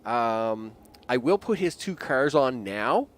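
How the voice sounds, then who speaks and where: Brief: young male streamer, rambling live game commentary, animated pitch, chuckling asides. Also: slow. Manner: rambling, jokey, chuckling asides, talks to himself.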